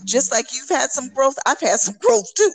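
A woman co-hosting a podcast, talking reflectively in a halting way with many restarts. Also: high voice, sing-song, vocal fry, breathy edge. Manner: reflective, halting, many restarts and "you know what I'm saying". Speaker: podcast co-host. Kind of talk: candid casual chat.

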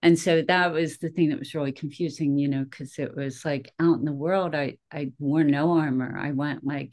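A middle-aged woman hosting a podcast, telling personal stories in a lively way and laughing at herself. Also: deep voice, moderate pace, few pauses. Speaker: podcast host. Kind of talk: casual podcast conversation.

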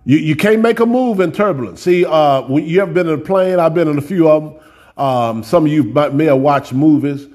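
Fairly high-voiced man preaching, folksy. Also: fairly quick, darkish tone. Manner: repeats words while building up, folksy and direct. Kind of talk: sermon.

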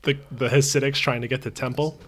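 A man's voice: medium pitch, flat delivery. Young man, podcast host, casual chat, easygoing, rambling. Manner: easygoing, rambling, quick to laugh.

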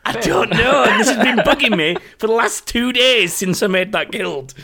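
A man's voice: high-pitched, expressive, normal speed, sharp tone. A man, a podcast host chatting casually and telling stories. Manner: chatty, laughing, storytelling. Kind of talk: casual chat.

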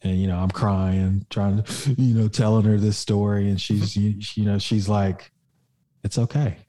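A man's voice: fairly low pitch, level tone, moderate pace, warm tone. A young adult man, a podcast guest and fitness coach, telling a personal story in a casual way, with lots of fillers and some swearing.

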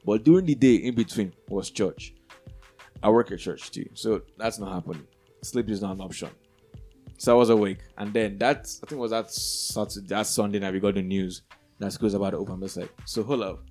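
A man's voice: on the low side, brisk, a little mellow, soft background music. A man co-hosting a casual podcast among friends, telling a story in an earnest, rambling way with many restarts. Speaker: podcast co-host.

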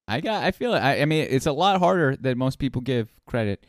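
A man's voice: mid-range voice, big pitch swings, fairly quick, no echo, studio quality. A man hosting a casual chat, joking and reading chat questions aloud to his guest. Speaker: podcast host interviewing a streamer.

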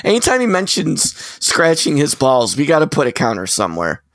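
A man's voice: a little high, wildly swooping pitch, a little fast, a bit bright, no room sound. A man co-hosting a podcast in crude, joking casual chat. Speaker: podcast co-host.

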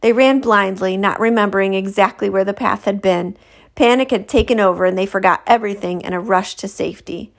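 A woman teacher reading a children's novel aloud to a class, expressive and stopping to correct her slips. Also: medium pitch, a little fast, vocal fry.

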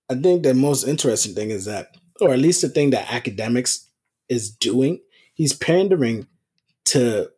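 Husky man, teasing and argumentative. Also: mid-range voice, darkish tone. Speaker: podcast co-host. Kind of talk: casual group chat.

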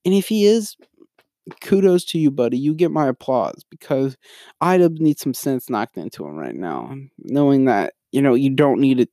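A young podcast co-host with a mid-range, dark-toned voice rants in a casual, rambling way, very animated at a moderate pace. He keeps restarting sentences and wandering onto sidetracks. The sound is studio quality with no echo.

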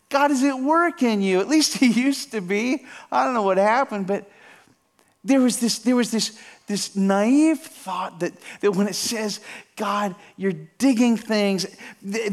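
A man delivers a sermon from a church platform. His voice sits high for a man, and he speaks earnestly. He restarts and repeats phrases as he builds toward a point. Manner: earnest, repeats phrases, rising and falling intensity. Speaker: pastor. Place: church sanctuary.

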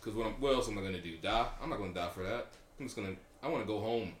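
A man's voice: lowish voice, rapid-fire. A young man co-hosting a casual podcast, rambling and profane, laughing often as he talks. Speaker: podcast co-host. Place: small room, bathroom. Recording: roomy echo.

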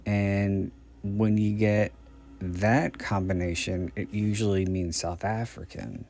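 Male podcast host, lowish voice, unhurried and rambling, casual film chat. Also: fairly even intonation, creaky, darkish tone, faint music behind. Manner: meandering, thinking aloud. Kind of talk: casual movie commentary.

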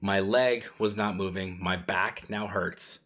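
A man's voice: low-pitched, fairly even intonation, takes it slowly, a bit bright. Easygoing man telling a story. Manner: rambling, filler-heavy, laughs while telling. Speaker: podcast co-host. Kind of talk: casual storytelling.

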